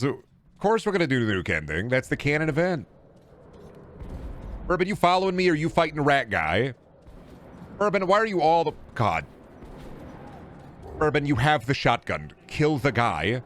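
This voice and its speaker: Man, game streamer, casual profane commentary, jokey and rambling, very lively pitch. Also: normal speed, long pauses, slight background noise.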